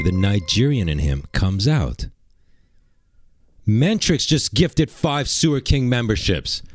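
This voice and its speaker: A man streaming live, chatting brashly and excitably to his viewers and reading out gifts. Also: mid-range voice, dry recording. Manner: brash, excitable, talks to chat. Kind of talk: casual livestream chat.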